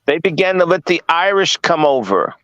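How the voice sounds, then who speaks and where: A man's voice: fairly high pitch, very animated, normal speed, a bit bright, no room sound, dull audio. A man from Washington, D.C. giving a casual lecture, firing rhetorical questions at his listeners, blunt and profane. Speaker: guest speaker.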